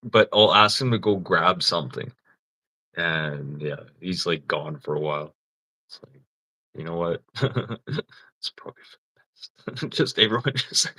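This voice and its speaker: A low-voiced man chatting casually on a livestream. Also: lively intonation, takes it slowly, pauses often, sharp tone, dry recording, rough recording. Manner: swearing, laughing often, teasing. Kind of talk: casual live-stream chat.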